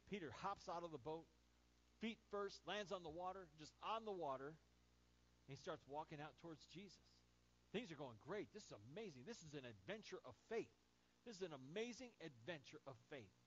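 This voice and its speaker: A man's voice: a little high, moderate pace. A man preaching a Sunday sermon as pastor, acting out the lines of the people in the Bible stories. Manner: animated, acts out Bible quotes. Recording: dull lo-fi church recording with faint hum.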